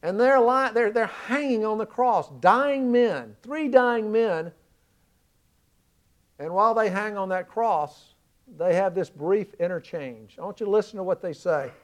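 Man from the American South, preacher, high voice, earnest storytelling sermon, pushes to loud emphasis. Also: unhurried.

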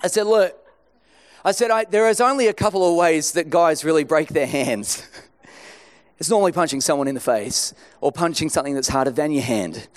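Guy preaching, high-ish voice, tells stories and does the back-and-forth dialogue himself. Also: brisk. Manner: acts out dialogue in anecdotes, pitch swings. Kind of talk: sermon with storytelling.

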